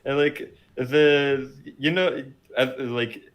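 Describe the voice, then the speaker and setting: A man's voice: mid-range voice, steady tone, slow. A man co-hosting a podcast, rambling casually with many fillers. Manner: rambling, lots of "like" and "uh". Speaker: co-host.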